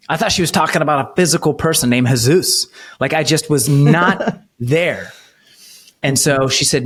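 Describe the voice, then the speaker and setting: A man's voice: medium pitch, a bit bright. Man telling his testimony, earnest. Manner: earnest storytelling, slows for emphasis. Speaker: podcast guest. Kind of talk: personal testimony in an interview.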